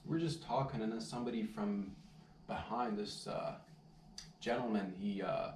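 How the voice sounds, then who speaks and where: A man's voice: fairly low pitch, moderate pace, gravelly, darkish tone, a little hiss or hum. A man vlogging casually, rambling and laid-back, saying "dude" and "man" constantly. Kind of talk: casual storytelling vlog. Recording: roomy sound, distant mic, faint ambience.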